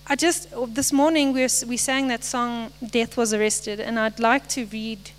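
A young woman giving a short, earnest devotional message, halting now and then and apologizing as she goes. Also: a little high, steady tone, clear, resonant tone, poor audio. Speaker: lay speaker.

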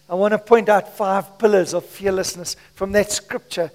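A male pastor preaching a sermon to his church, swinging between shouts and hushed asides, his voice strained from shouting. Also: sits high, fairly even intonation, normal speed, hardly any pauses, long reverb tail. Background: congregation.

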